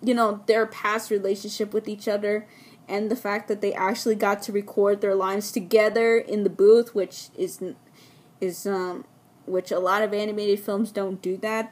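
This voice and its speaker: A woman giving a casual spoken film review, enthusiastic and rambling with frequent restarts, her voice worn as if she is losing it. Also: medium pitch.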